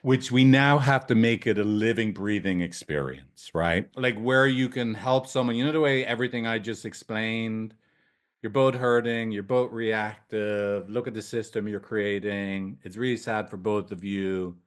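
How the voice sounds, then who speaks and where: A man's voice: lowish voice, normal speed. A man teaching couples therapy in a loose, joking way, with swearing and asides. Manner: loose, jokey, profane, tangents. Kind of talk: casual training talk.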